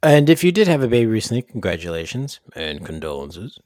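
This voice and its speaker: A man's voice: lowish voice, sing-song, fairly quick, darkish tone, dry recording, studio quality. A man co-hosting a podcast, with teasing, sarcastic jabs at his partner. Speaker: podcast co-host. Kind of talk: casual podcast banter.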